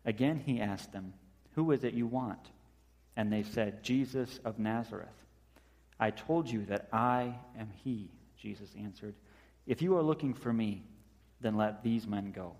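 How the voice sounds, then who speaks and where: A man's voice: on the low side, unhurried, darkish tone, in a large hall. A man preaching as pastor, reading scripture and then retelling a story vividly, acting out the quotes.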